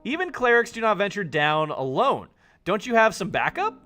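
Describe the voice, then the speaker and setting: A man's voice: high voice, wildly swooping pitch, moderate pace, sharp tone, soft background music, exaggerated voice. A man voicing a cheerful, chatty male dwarf miner who brags about his trade, reading game dialogue aloud. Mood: impressed. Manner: jovial, boastful.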